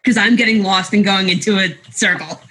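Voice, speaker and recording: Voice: mid-range voice, a little fast, pushed and bright. A panelist in a casual roundtable chat, talking in a thoughtful, earnest way.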